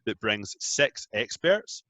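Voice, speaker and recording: A man in his thirties from Scotland with a Scottish accent, chatting easily as a guest in an interview, quick to laugh at himself. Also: fairly low pitch, big pitch swings, pushed and bright, no room sound. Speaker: guest, app founder. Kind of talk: casual interview chat.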